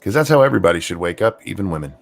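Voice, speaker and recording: Tipsy male stream host, crude and rambling; deep, gravelly, very animated delivery. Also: rapid-fire. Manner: crude, rambling, teasing, drinking while talking. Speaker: show host. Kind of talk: casual late-night stream chat.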